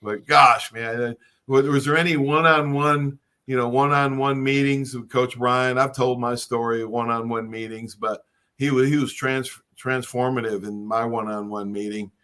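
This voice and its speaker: Bright-voiced man hosting a group chat. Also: medium pitch, fairly even intonation, moderate pace, smooth. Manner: stammering, storytelling. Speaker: host.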